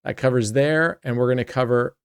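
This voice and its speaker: Chatty male host, smooth voice, dry close sound, casual roulette play-by-play. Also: medium pitch, steady tone, a little fast, no echo. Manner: chatty, talks to himself and viewers.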